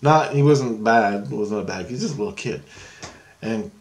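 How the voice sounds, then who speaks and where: A man's voice: fairly low pitch, moderate pace, slight background noise. A man telling a long personal story in a meandering, self-correcting way, often breaking into laughter. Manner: meandering, full of restarts and frequent laughter. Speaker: paranormal vlogger.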